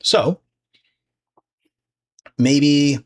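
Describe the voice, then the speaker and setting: A man's voice: a little high, extremely slow. Casual, rambling male trading teacher. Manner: loose and conversational, many fillers and restarts. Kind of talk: casual explanatory lesson.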